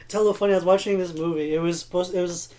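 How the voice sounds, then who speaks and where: A young man co-hosting a podcast in casual chat, telling lively stories, swearing freely and laughing often. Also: high-pitched, very fast. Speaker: podcast co-host.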